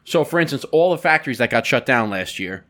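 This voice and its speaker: Dude on a podcast rambling about work stuff, swearing, lots of "right?" and "like". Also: male voice, medium pitch, lively intonation, fast, fairly bright tone. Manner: casual and profane, with lots of fillers. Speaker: podcast co-host. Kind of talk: casual storytelling chat.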